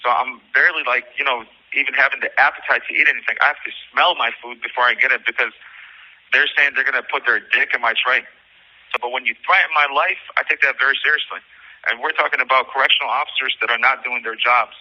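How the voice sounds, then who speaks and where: A man's voice: mid-range voice, fast. A man speaking from jail over a phone call, agitated and rambling, swearing as he tells his account. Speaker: jail inmate on a recorded call. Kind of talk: emotional personal account.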